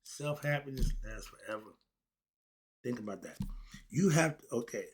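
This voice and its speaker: A man's voice: medium pitch, moderate pace, long pauses, husky. A man giving a casual spoken lecture on self-knowledge and happiness, in a preachy way that asks questions and answers them himself. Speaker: self-help philosophy talk host.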